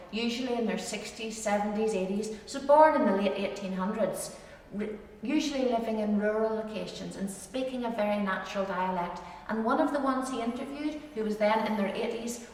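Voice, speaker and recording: A middle-aged woman with an Ulster accent gives a lively, informal lesson on dialect words, drawing out the words she demonstrates. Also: medium pitch. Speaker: tour guide teaching dialect words. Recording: echoey hall, distant mic.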